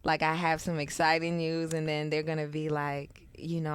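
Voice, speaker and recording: A young woman co-hosting a podcast in relaxed, slang-filled chat, open and heartfelt as she talks. Her voice sits a little low and comes through smooth and clear. The sound is dry and close to the mic. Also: normal speed, no room sound. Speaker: podcast co-host. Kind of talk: casual chat. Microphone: podcast mic on camera.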